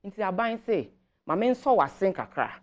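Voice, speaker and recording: A Ghanaian-accented woman explaining government policy on a morning show, measured and switching between Twi and English. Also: mid-range voice, big pitch swings, darkish tone. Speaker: government guest commentator.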